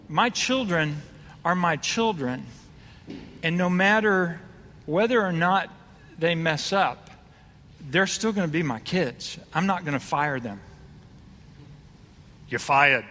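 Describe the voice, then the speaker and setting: A man's voice: high-pitched, pushed and bright. A man preaching a conversational sermon, asking his congregation questions. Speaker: pastor. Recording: reverberant hall.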